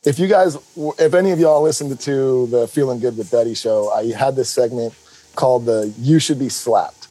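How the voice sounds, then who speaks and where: A middle-aged man co-hosting a podcast, telling stories in an animated, rambling way full of restarts. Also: mid-range voice, normal speed, poor audio. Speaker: podcast co-host. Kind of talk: casual chat.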